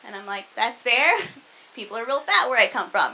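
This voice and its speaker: On a poor recording with slight background noise, a young Southern comic from Arkansas works a comedy club crowd, checking in with them and teasing herself. Her voice sits on the high side with a sharp tone and lively intonation, moving at a moderate pace broken by long pauses.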